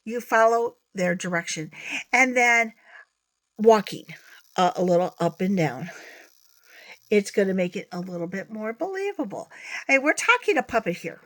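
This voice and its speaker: A woman's voice: mid-range voice, expressive, moderate pace, long pauses, a bit bright. A woman giving a chatty, playful puppetry lesson, demonstrating with a puppet as she talks. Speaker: puppetry teacher. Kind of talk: video lesson.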